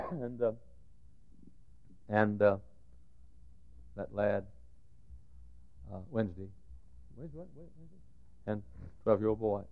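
A middle-aged preacher delivers his sermon in a lowish voice, sinking to near-whispered storytelling before bursting into shouts. The sound is muffled and lo-fi, like an old church tape recording. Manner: swings from hushed storytelling to shouted outbursts. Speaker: pastor. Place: church sanctuary.

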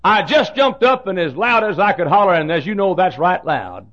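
A man preaching a sermon, telling a folksy story in an animated way that builds suspense. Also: high-pitched, moderate pace. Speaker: pastor. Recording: dull lo-fi sermon recording.

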